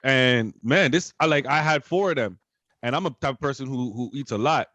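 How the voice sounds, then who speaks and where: A man from Canada co-hosting a podcast, talking casually in a rambling, animated way full of fillers. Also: medium pitch, a little fast, no echo. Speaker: podcast co-host. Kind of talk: casual chat.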